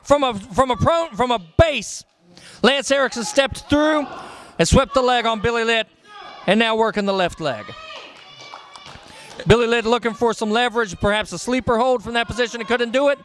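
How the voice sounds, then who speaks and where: A man calling wrestling play-by-play, excitable as he names each move. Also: extremely high pitch. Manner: excitable, calls moves rapidly.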